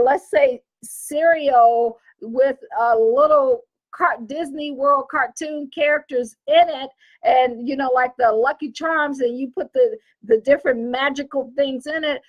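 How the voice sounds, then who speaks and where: A woman with a high voice and a Southern American accent gives a casual, emphatic teaching talk as an online business coach, lively and repetitive, often correcting herself. The audio sounds dull.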